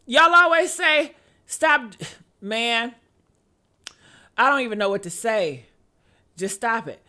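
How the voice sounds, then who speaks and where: Slow-talking, sarcastic woman vlogger. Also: a little high, pushed and bright. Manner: sarcastic, mock-outraged, laughing often; repeats short exclamations. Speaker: commentary vlogger. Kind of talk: reaction commentary on viewer comments.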